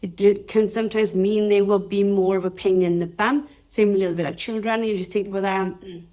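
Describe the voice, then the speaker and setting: A woman's voice: mid-range voice, steady tone, brisk, warm tone. A chatty Welsh woman hosts a casual live session about dogs. She rambles and talks straight to her viewers, with a mid-range voice. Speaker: dog trainer hosting a live session. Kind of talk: casual live-stream teaching talk.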